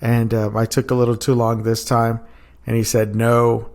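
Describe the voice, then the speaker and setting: A young man telling stories in casual chat, laughing often and acting out quoted lines loudly. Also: medium pitch, monotone, moderate pace. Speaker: podcast guest.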